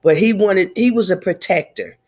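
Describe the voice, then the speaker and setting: A woman in her fifties, slightly nasal from a cold, speaking haltingly through grief in a personal video diary. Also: fairly low pitch, a little mellow, husky. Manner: tearful, halting, reflective. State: congested from a cold. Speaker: vlogger.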